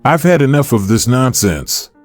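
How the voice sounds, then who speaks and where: A man's voice: mid-range voice, sing-song, normal speed, dry recording, lightly acted. A man voicing a wealthy, domineering male ranch owner who speaks sharply and dismissively. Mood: cold, dismissive. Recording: dry close mic with faint music.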